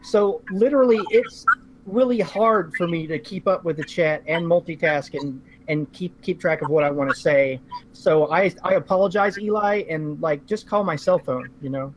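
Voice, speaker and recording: A man's voice: a little high, normal speed, a little hiss or hum, rough recording. A man co-hosting a live stream, talking informally and earnestly with some hesitations. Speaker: co-host. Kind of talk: casual live-stream chat.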